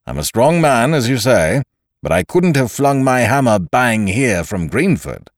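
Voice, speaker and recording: A man voicing a big, strong blacksmith who speaks loudly and bluntly. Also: medium pitch, very animated, a little slow, no echo, studio quality, pitched above the performer's own voice. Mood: defiant. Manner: loud and forceful.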